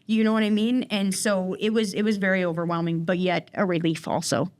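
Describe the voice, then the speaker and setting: Fairly quick and a little mellow, a woman's lowish voice barely moves in pitch as she recounts her life in an interview. She's a guest in recovery, and her account meanders with many fillers and restarts.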